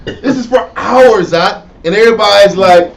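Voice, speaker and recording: A man leading a casual group Bible reading, animated and slangy, acting out the scenes with put-on voices. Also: high voice, normal speed, gravelly, a little hiss or hum. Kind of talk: joking casual Bible study talk. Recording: distant voice with group laughter around.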